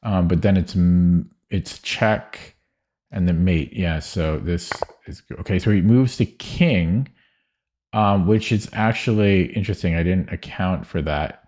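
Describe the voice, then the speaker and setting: A man's voice: low voice, unhurried, a little mellow. A young man streaming chess, thinking aloud in a hesitant, muttering way with frequent self-corrections. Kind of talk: thinking aloud while solving puzzles.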